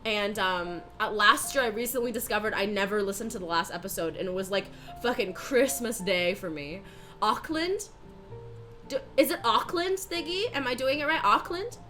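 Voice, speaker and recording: A woman's voice: mid-range voice, normal speed, bright, forceful tone, faint music behind. A young woman chatting casually on a live stream as she bakes, swearing and laughing often and sounding out words over and over. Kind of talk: casual live-stream chat while baking.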